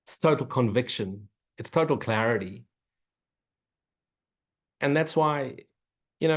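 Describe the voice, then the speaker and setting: A man giving a casual spiritual Q&A talk, blunt, swearing often and joking between his points. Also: medium pitch. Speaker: spiritual teacher. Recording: muffled, lo-fi recording.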